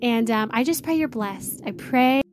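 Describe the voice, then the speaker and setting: Woman faith podcast host, slightly high voice, eager casual chat and prayer, music bed. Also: a little slow. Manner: excited, gushing, addresses listeners as "you guys".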